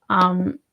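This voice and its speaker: An Australian woman hosting a casual livestream, soft-spoken and rambling, often dropping to a murmur. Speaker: livestream host.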